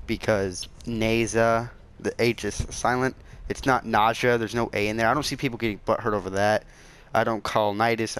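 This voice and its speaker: A man's voice: medium pitch, steady tone, normal speed, a bit bright, smooth. A man hosting his small gaming channel, rambling casually and defensively, repeating himself and stuttering often. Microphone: console game capture.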